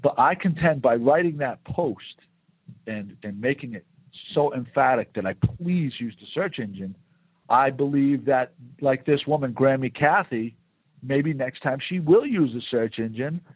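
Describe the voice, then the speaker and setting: A man's voice: medium pitch, lively intonation, unhurried, slightly rough, no room sound, narrow, tinny audio. A man co-hosting a casual podcast, rambling with lots of restarts and repeated words. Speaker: podcast co-host.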